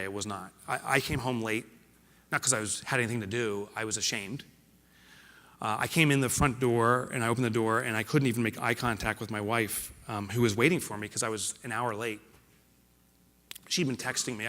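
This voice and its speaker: A middle-aged man, a keynote speaker, tells a personal story in a motivational speech to a live audience, moving between loud emphasis and hushed, emotional lines. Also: medium pitch. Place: large hall before a live audience. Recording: reverberant hall.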